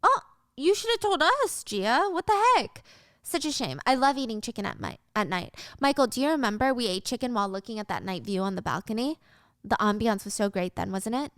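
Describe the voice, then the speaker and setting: A woman voicing a two-faced young woman in a drama recap, in a high, fake-sweet cooing voice. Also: lively intonation, fairly quick, a bit bright, dry recording, clean studio sound. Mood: syrupy. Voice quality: high sugary put-on voice.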